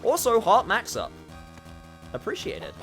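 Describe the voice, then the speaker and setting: Faint game music plays behind a streamer whose high-sitting voice swoops wildly in pitch at an unhurried pace. He casually comments on his game, chatting to viewers and occasionally swearing.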